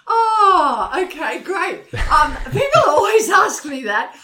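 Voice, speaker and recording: A woman speaking as a guest expert in a conversational interview. She is emphatic and animated, often repeating a point two or three times to drive it home. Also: high-pitched, takes it slowly.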